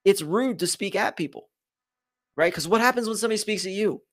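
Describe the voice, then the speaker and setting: Speaking straight to his viewers with earnest emphasis, a Philadelphia man hosts a leadership live stream meant to motivate. His pitch is high and his delivery a little fast.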